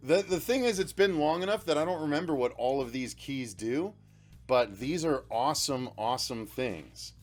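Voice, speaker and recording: A man hosting a casual unboxing vlog, excitable and gushing, often stumbling over his words. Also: mid-range voice, normal speed, soft background music. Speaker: channel host.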